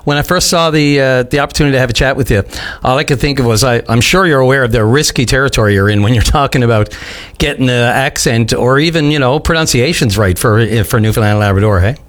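A man's voice: medium pitch, quick pace, fairly bright tone. A man hosting a radio call-in show, easygoing and jokey, stumbling a little as he asks his questions. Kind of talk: radio interview. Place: radio studio.

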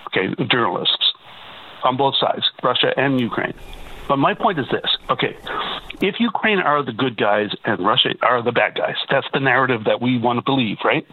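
A man's voice: medium pitch, animated, normal speed, husky. A man calling in to a radio talk show, talking emphatically and repeating himself as he presses his point. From Canada. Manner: emphatic, repeats words, rising to insistence. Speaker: caller. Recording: tinny phone line on radio.

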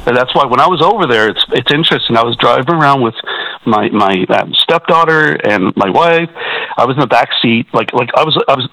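A worked-up Canadian man calling a radio show, his voice bright and forceful. He trips over his words and restarts often as he argues. It sounds like a radio phone-in broadcast. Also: mid-range voice, lively intonation, fairly quick, no room sound, poor audio. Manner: agitated, repetitive, stumbling restarts. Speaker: caller. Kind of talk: call-in radio talk.

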